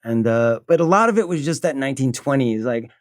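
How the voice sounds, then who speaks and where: A middle-aged man, a guest actor, telling an animated story in casual chat and acting out the voices he quotes. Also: mid-range voice, a little fast, no echo, clean studio sound. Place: livestream podcast.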